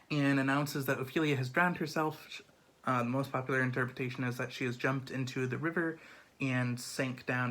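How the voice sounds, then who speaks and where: A man's voice: medium pitch, pushed and bright. A man giving a casual, chatty summary of a play, full of fillers and acted-out asides. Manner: chatty, filler-heavy, lots of "um" and "like".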